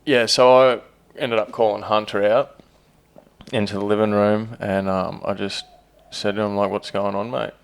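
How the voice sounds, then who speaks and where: A man's voice: fairly low pitch, level tone, moderate pace, clear, resonant tone. A man in casual podcast chat, laid-back, with many fillers and casual swearing. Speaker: podcast co-host, stepdad.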